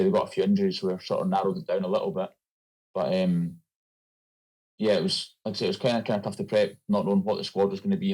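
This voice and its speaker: A man's voice: sits low, dark tone, low-quality recording. A young Scottish man, a rugby player, chatting loosely as a guest with many fillers. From Scotland. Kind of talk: casual interview chat.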